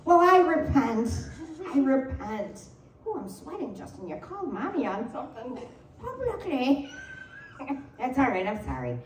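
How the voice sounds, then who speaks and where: A middle-aged woman pastor delivering a sermon, her slightly high voice leaping up and down as she tells playful stories. She is recorded from some distance in a roomy, echoing church. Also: unhurried, a little hiss or hum. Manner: animated, playful storytelling with laughter. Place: church sanctuary.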